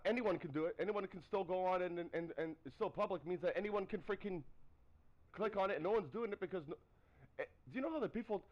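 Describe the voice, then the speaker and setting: A man chatting casually on a live stream, telling stories in an animated way and acting out what people said. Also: high voice, fast talker, muffled recording. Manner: animated storytelling, acts out quotes. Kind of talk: casual chat.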